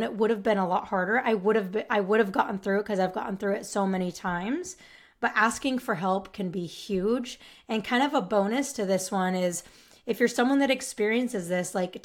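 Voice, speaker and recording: Woman, solo podcast host, casual and earnest, reassuring, lots of "right?" tags. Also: mid-range voice. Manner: earnest, reassuring, speaks directly to the listener.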